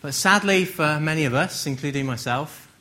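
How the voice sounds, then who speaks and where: A man from England giving a conversational sermon, gently humorous and full of rhetorical questions. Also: a little high, moderate pace, a little hiss or hum. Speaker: preacher.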